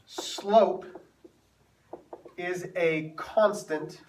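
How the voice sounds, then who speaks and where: A man's voice: high voice, extremely slow, a little mellow, distant mic, a little hiss or hum. A male math teacher telling a self-mocking story to his class before moving into the lesson.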